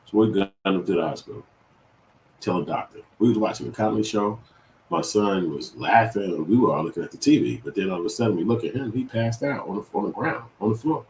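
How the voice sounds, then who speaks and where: Deep-voiced middle-aged man telling a rambling story. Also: fast, darkish tone, reverberant, far from the mic, a little hiss or hum, poor audio. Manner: loose, profane, rambling with many restarts. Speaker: commenter telling a personal story. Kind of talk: casual storytelling.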